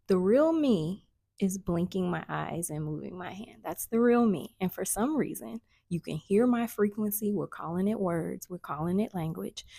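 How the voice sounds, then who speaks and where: A woman's voice: mid-range voice, mellow, husky, dry recording, studio quality. A woman talking straight to camera as a spiritual coach, earnest and searching, with many restarts and sudden whispers. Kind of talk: casual vlog monologue.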